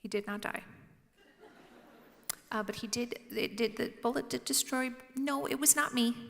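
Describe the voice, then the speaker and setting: A woman's voice: on the high side, moderate pace, gravelly, fairly bright tone. A woman telling humorous, self-mocking stories to an audience on stage, dropping to a whisper for quoted lines. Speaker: featured speaker. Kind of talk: storytelling on stage. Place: lecture hall with audience. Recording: roomy hall reverb.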